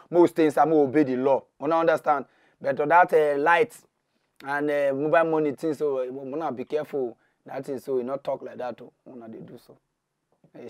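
A man speaking Nigerian Pidgin as a mock news host, delivering excitable, mocking comic commentary that swings between shouting and muttering. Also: medium pitch, dry recording.

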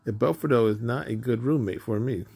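Man reading aloud a lonely little bird, earnest, questioning, gravelly, husky, storybook. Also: medium pitch, a little fast, a little mellow.

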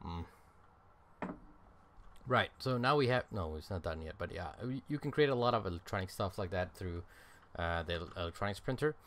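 A man's voice: low voice, lively intonation, normal speed, fairly bright tone. A man giving casual let's-play commentary, thinking aloud with lots of ums and uhs, sounding tired. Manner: rambling, thinking aloud with many fillers. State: tired, yawning. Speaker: game streamer.

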